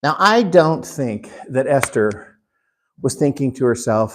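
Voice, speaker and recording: Guy leading a bible class, slow and deliberate, asks the room questions. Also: a little high, animated, a little mellow. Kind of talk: interactive Bible class lesson.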